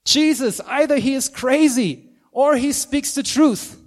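A male preacher delivers a sermon in church with a notably high-pitched voice. He talks earnestly and builds to fervent, emphatic proclaiming. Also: measured pace.

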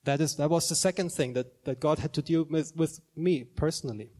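A man's voice: a little high, fairly quick, warm tone. A man preaching a sermon in church, earnest and growing fervent as he proclaims.

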